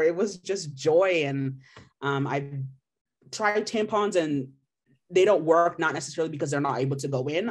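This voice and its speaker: A young woman in her twenties from Missouri, giving a candid, emotional personal testimonial full of "like" fillers. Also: deep voice. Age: 20s. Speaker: patient sharing her story.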